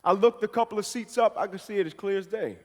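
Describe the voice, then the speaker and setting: A man in his thirties giving a passionate motivational speech, telling his story and building to forceful, emphatic peaks. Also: high voice, fast. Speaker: motivational speaker. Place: event hall. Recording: speech in a reverberant hall.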